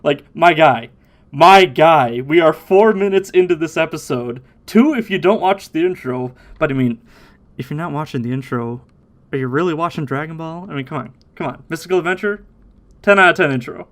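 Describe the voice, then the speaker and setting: A man hosting a casual podcast, recapping a cartoon episode in an animated way, laughing often and mimicking voices. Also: a little high, moderate pace. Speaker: podcast host.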